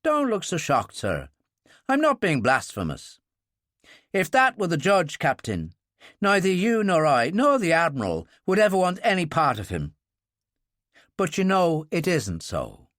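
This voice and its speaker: A man voicing a blunt, jovial older ship's doctor who tells stories with animated relish. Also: on the high side, a little slow, no room sound, studio quality, heavily acted. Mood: earnest. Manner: hearty, animated, fond of telling stories.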